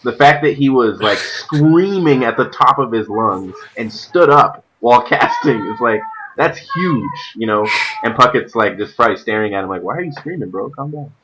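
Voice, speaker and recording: A man's voice: medium pitch, lively intonation, moderate pace, noisy background. A man hosting a casual gaming stream, rambling and often laughing. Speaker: stream host.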